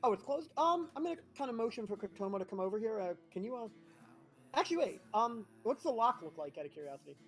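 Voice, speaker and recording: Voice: mid-range voice, big pitch swings, fast, faint music behind. A tabletop game player chatting casually, rambling with many fillers.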